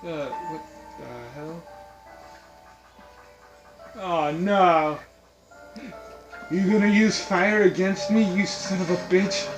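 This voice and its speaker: A man casually commenting while playing a video game, reacting out loud and swearing often. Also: high-pitched, fairly even intonation, slow, pauses often, poor audio. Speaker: gamer. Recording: game music behind.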